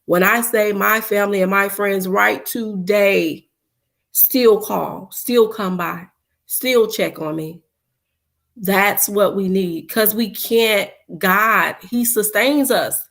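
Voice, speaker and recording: A woman's voice: medium pitch, creaky, a bit bright. A mother speaking on a grief panel, giving an earnest, faith-filled personal testimony. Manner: slow, earnest, faith-filled, quoting scripture.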